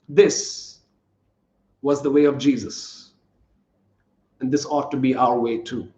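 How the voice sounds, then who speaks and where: A man's voice: medium pitch, fairly even intonation, slow, long pauses, darkish tone. A man preaching a sermon as pastor, earnest and repetitive, asking the congregation questions. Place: church sanctuary. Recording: echoey church room, dull lo-fi sound.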